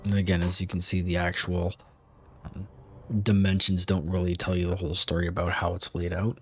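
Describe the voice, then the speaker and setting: A man streaming a video game, giving relaxed, chatty commentary with dry asides and frequent fillers. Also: low-pitched, fairly quick. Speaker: gaming streamer. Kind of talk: casual gameplay commentary.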